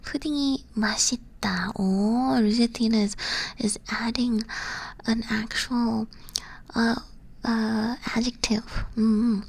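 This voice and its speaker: A woman whispering softly in an ASMR stream, patiently teaching and correcting herself as she goes. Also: fairly high pitch, steady tone, moderate pace, creaky, slightly rough, poor audio. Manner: soft unvoiced whisper, patient, self-correcting. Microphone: close ASMR microphone.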